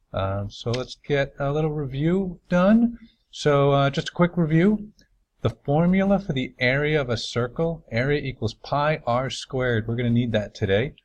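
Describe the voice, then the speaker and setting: A man's voice: medium pitch, darkish tone, lo-fi sound. A man from New York, a math teacher, giving a recorded lesson over slides in an upbeat, chatty way with folksy asides.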